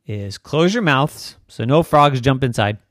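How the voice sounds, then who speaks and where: A storyteller voicing a calm, matter-of-fact neighbor in a lower, steady voice during a bedtime story. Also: unhurried, no room sound, clean studio sound, lightly acted. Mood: reassuring. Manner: low, steady, reassuring voice.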